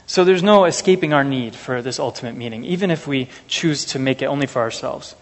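A man preaching an earnest, measured sermon to a congregation, reading scripture and telling everyday stories. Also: medium pitch. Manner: earnest, measured, anecdotal asides. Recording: long hall reverb.

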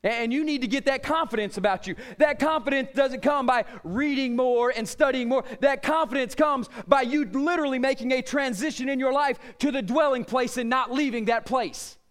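A middle-aged pastor delivers a fervent sermon in a smooth, clear voice that sits very high for a man. Moving at a moderate pace with few pauses, he alternates between shouted emphasis and low, quiet appeals.

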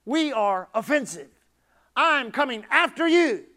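A man's voice: very high-pitched, very animated, measured pace, pushed and bright, exaggerated voice. A man voicing a boastful, menacing giant warrior who taunts his young opponent with threats. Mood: taunting.

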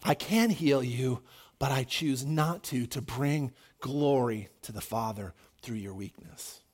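A man voicing God as a calm, solemn speaker, slow and hushed. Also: medium pitch, pitched below the performer's own voice.

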